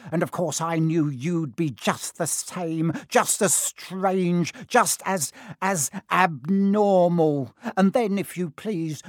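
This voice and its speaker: A man voicing a shrill, bitter, resentful middle-aged aunt who rants and shrieks in a storybook reading. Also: dry recording, studio quality, exaggerated voice. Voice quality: shrieking, ranting.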